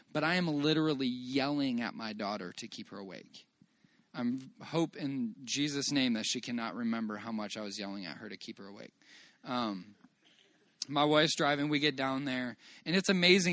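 A man's voice: on the high side, a bit bright, dry recording. Earnest man sharing a church testimony. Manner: earnest, halting storytelling with praise to God. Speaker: father giving a church testimony. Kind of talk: personal testimony to a congregation. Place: church meeting room.

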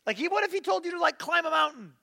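A man's voice: extremely high pitch, lively intonation, fast, creaky, bright, forceful tone. A man telling a story as a pastor in a sermon, retelling it casually and with animation, with many filler words.

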